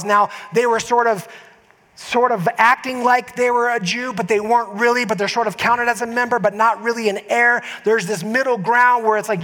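This man's voice is extremely high and fairly bright, with fairly even intonation and normal speed. Preaching as a pastor in a church sanctuary, he speaks conversationally, restarting frequently and addressing the congregation with emphatic asides. The sound carries a long church-hall reverb.

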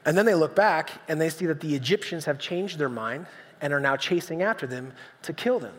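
A man's voice: on the high side, animated, brisk. A man preaching a sermon on a church stage, conversational and storytelling, acting out voices with humor. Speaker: pastor. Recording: long reverb of a church hall.

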